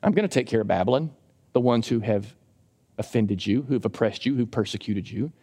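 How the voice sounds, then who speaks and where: A middle-aged male pastor preaching a sermon in a church, conversational and emphatic, with sudden jumps in pitch. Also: fairly quick, warm tone, slightly rough. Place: church sanctuary. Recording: long hall reverb.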